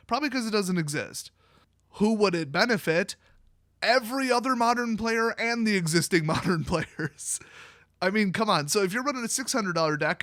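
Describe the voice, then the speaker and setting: A man's voice: on the high side, a bit bright, no echo, clean studio sound. A young man from Wisconsin giving blunt, sarcastic solo commentary as a card game video host.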